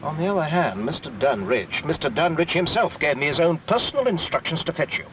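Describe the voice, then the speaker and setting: An actor playing a formal, courteous chauffeur in a 1960s TV drama. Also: male voice, on the high side, animated, a little fast, natural voice. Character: polite, proper chauffeur Hunter. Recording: dull lo-fi 1960s TV sound, hiss.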